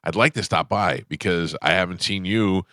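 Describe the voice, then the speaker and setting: A man hosting a morning radio show, talking in a deep, very low voice with a sharp, forceful edge. His delivery is casual and emphatic, full of quick restarts. The studio sound is dry and close. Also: dry recording. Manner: conversational, emphatic, talks with many restarts. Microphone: studio microphone.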